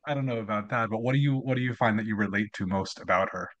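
A man with a fairly low voice leads an interview. He asks his questions in a halting way, with fillers and restarts. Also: fairly bright tone, highs cut off.

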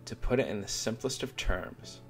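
A man reading aloud the lines of a cold, composed woman visitor from a manga, in nearly his own low voice. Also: normal speed, soft background music, natural voice. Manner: read aloud from a manga, barely acted.

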